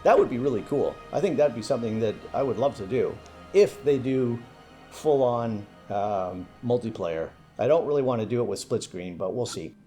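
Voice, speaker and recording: A young man with a mid-range voice gives relaxed, casual commentary over his own gameplay. He's a gaming commentator who thinks aloud as he plays.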